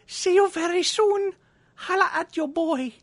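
Guy putting on a kooky dreamy lady singer voice, real high, talks super slow. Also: fairly bright tone. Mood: whimsical. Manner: slow, halting, oddly formal phrasing. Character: whimsical eccentric woman singer, dreamy and absurd. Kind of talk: comic read-through of a chat log.

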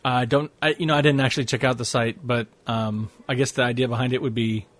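A man's voice: mid-range voice, steady tone, fast. A man co-hosting a casual tech podcast, easygoing and joking, laughing along with his co-host.

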